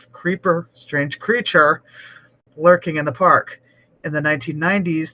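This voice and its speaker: Podcast co-host, woman from New England; bright, sharp voice, giggly and joking, swears casually. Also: low voice. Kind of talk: casual chat and reading a post aloud.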